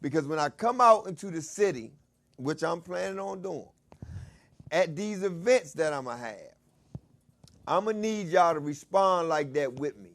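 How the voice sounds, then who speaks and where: Hype-calling DC show host man. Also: a little slow. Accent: Washington DC. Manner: loud hype calls, then relaxed low-key talk. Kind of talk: casual talk show monologue.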